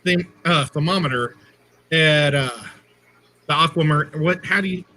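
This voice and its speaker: A man's voice: on the high side, unhurried, sharp tone, a little hiss or hum. A man co-hosting a casual livestream, chatty and jokey, often stopping to correct himself. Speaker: co-host.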